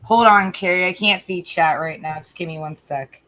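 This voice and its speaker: A woman's voice: lowish voice, moderate pace, pushed and bright, poor audio. A woman livestreamer reacting to a clip, talking heatedly with a lot of swearing and speaking straight to her chat.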